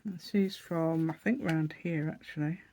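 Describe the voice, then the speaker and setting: A craft channel host with an East Midlands accent from England walks through a paper craft project step by step, rambling and chatting as she thinks aloud. Her low, warm voice stays fairly even in intonation and moves a little slowly. The recording carries a little hiss or hum.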